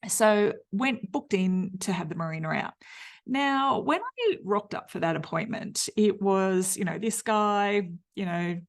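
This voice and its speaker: A woman's voice: mid-range voice, lively intonation, unhurried. A woman in her fifties with an Australian accent, telling her own story as a podcast host in a candid, chatty, blunt way full of fillers. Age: 50s. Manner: blunt and slangy. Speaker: podcast host, menopause nutritionist. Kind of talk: personal storytelling monologue.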